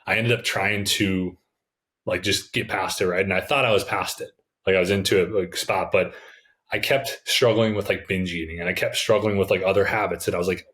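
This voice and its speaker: A man hosting a podcast, talking in a relaxed, enthusiastic way with lots of casual fillers. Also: low-pitched. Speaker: podcast host.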